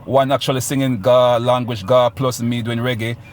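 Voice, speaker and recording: A Jamaican man in his forties chats easily as a radio guest. His voice sits at an ordinary pitch and carries a patois lilt. A faint noise runs under the recording. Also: flat delivery, normal speed. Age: 40s. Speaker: guest musician. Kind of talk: casual radio interview.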